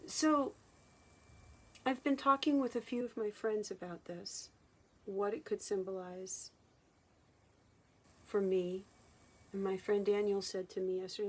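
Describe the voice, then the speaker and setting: A woman hypnotherapist speaking in a personal vlog monologue, halting and reflective, often restarting her sentences. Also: medium pitch. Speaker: hypnotherapist and channeler.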